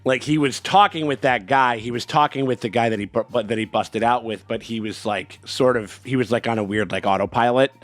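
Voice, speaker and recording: A man's voice: mid-range voice, a little fast, few pauses, soft background music. A man co-hosting a casual TV reaction chat, talking loosely with many fillers and restarts, and swearing freely. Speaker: co-host reacting to a TV episode.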